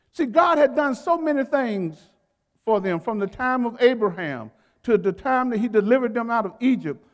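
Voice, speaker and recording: A man preaching a sermon in a church, calling on the congregation to repeat key words and stretching out his emphatic phrases. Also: very high voice. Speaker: pastor. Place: church sanctuary. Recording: long reverb of a large hall.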